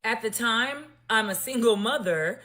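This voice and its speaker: Woman, storytime vlogger, sassy, emphatic, slightly high voice. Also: unhurried, bright, forceful tone. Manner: sassy, emphatic, pointed asides to viewers.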